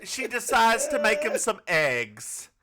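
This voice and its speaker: A man's voice: high voice, big pitch swings, slow pace, a crowd in the background. A man with a Southern US accent co-hosting a podcast, recapping a TV episode in campy, teasing banter. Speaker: podcast co-host. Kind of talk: casual comedic recap chat.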